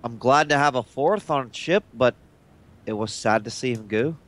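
A man's voice: medium pitch, moderate pace, a bit bright. A man playing a tabletop role-playing game, speaking bluntly and swearing. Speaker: player.

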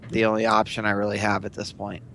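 A man's voice: lowish voice, completely flat delivery, fast talker, gravelly, fairly bright tone, a little hiss or hum. A man playing a tabletop role-playing game, casual and terse. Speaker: player.

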